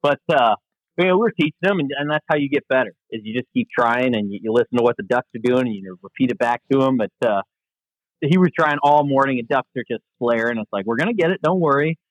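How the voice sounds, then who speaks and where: A man as a podcast guest, telling lively stories about leading group outings in a casual, talkative way. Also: medium pitch, quick pace, dry recording, poor audio. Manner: animated, anecdotal storyteller. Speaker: guest, veterans outdoor program leader. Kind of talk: casual interview storytelling.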